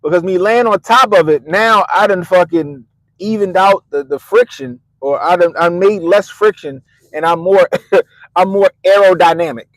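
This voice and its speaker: A middle-aged man on a podcast, telling a story in an animated, profane way and laughing at himself. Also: high voice, moderate pace, dry recording, rough recording. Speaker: podcast host. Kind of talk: casual storytelling.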